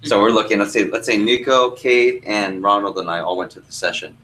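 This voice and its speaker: A man's voice: on the low side, brisk, pushed and bright, a little hiss or hum, rough recording. A young man, a sales trainer, teaching a workshop room and telling a story, asking the audience questions as he goes.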